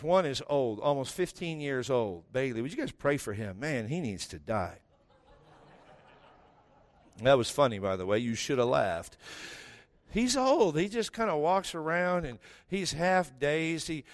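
A man's voice: on the high side, no room sound, clean studio sound. Joking man telling sermon stories. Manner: joking, self-deprecating, quick asides. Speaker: preacher. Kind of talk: humorous sermon storytelling.

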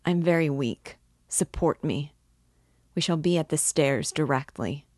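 A woman reading the lines of a feverish, weak young man who speaks in halting, distraught confessions. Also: low-pitched, a little mellow, no echo, studio quality. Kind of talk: audiobook character reading.

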